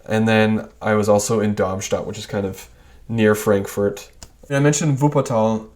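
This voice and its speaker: A man's voice: on the low side, fairly even intonation, moderate pace, a little mellow. Chatty young American man. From United States. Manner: chatty, self-amused, with frequent restarts. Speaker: vlogger. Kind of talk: casual storytelling to camera.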